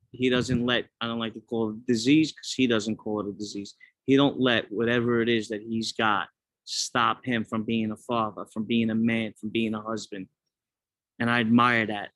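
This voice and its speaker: A man's voice: on the low side, level tone, normal speed, a bit bright, dry recording. A man hosting a casual outdoor conversation, talking in an earnest, admiring way. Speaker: host.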